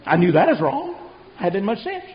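An older man preaching a sermon, telling folksy stories that swing from quiet asides to loud outbursts. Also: sits high, huge pitch swings, moderate pace, slightly rough. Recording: dull lo-fi radio recording.

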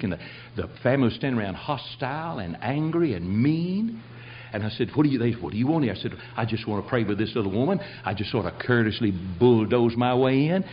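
An older man from Australia preaching a sermon as a dramatic storyteller, acting out the scenes with sudden shouts. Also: mid-range voice, dull audio.

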